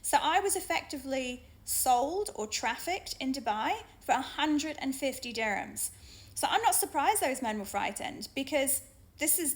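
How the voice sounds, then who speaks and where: A young British woman telling a personal story straight to camera in a frank, earnest way. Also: high voice. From Britain. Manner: earnest, frank, with pauses and restarts. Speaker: vlogger.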